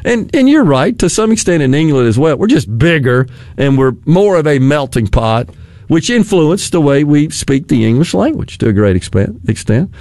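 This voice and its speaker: An older man with a Southern American accent chats casually, rambling, chuckling often, and trailing off mid-thought as he loses his thread. His voice is fairly high-pitched, very animated, and darkish in tone at a normal pace, with no room sound.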